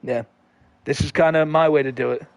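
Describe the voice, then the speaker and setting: High-voiced rambling streamer guy. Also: steady tone, a little fast, vocal fry, clear, resonant tone, dry recording. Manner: rambling, profane, laid-back. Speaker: livestream host. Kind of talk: casual chat reading viewer comments.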